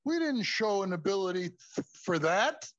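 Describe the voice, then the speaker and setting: Male preacher with a high voice, informal classroom sermon, muffled and dry recording. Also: sing-song, normal speed, fairly bright tone, dry recording. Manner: conversational, repeatedly says "folks".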